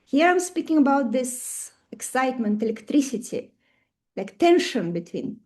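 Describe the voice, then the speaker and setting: A woman's voice: high-pitched, big pitch swings, normal speed, dark tone. A woman with a Russian accent teaching an online astrology class. She talks in a chatty way and keeps asking the class questions.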